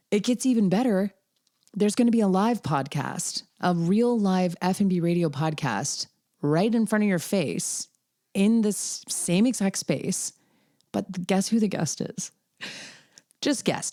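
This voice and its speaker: A woman podcast host talking casually and excitedly, rambling a little as she promotes an event. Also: lowish voice, no room sound, studio quality.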